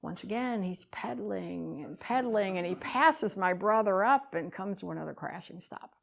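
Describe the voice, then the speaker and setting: Gravelly woman telling a story with verve. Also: mid-range voice, normal speed. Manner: animated storytelling, swinging between loud and hushed. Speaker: speaker. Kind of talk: storytelling talk.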